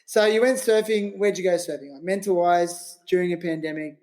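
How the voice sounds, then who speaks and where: A man's voice: sits high, a little fast, a little mellow. A man hosting a podcast, asking questions in a teasing, jokey way with lots of fillers. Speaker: podcast host. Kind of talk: casual interview chat.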